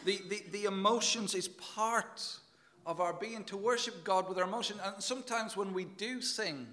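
A man's voice: high voice, normal speed, sharp tone. A man preaching a sermon in an earnest, emphatic way, often repeating words as he goes.

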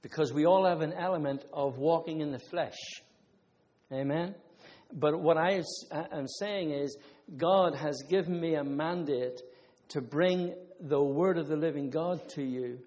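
In a long, reverberant hall, an Irish man gives a conversational sermon that mixes scripture with personal testimony and remarks to the congregation. His voice is a bit high and a bit mellow.

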